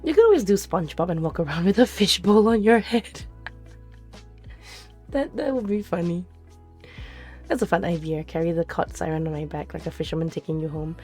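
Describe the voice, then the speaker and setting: Giggly mellow-voiced woman streamer. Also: fairly low pitch, a little fast, long pauses, breathy edge. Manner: chatty, giggly, answers chat. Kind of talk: casual live-stream chat. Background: faint background music.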